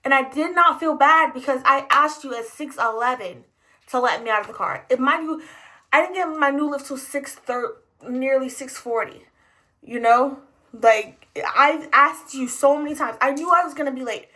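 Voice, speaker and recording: A young woman rants through a storytime, exasperated and swearing freely. Her voice sits high and sounds bright and sharp. She talks casually, like a hospital tech venting after a shift. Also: low-quality recording. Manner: exasperated, profane, fast ranting. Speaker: emergency department tech.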